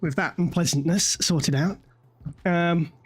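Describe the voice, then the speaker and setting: A woman doing a genteel worldly gentleman. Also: fairly low pitch, unhurried, breathy edge. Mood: polite. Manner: genteel, polite, slightly rambling. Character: smooth, worldly well-dressed scruffy man.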